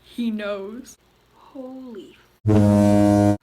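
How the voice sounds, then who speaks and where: Brief: a woman reacting on camera, emotional and blurty, with a lively, expressive voice. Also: mid-range voice, normal speed, pauses often, very noisy. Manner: blurting, emotional, self-aware. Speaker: video reactor. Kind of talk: casual reaction commentary.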